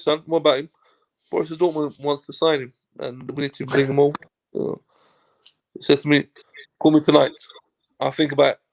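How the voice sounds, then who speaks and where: A man's voice: a little high, creaky. A man, a football agent as a guest, telling a story casually, acting out what others said and swearing freely. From Turkey. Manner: animated storyteller, swears, acts out dialogue.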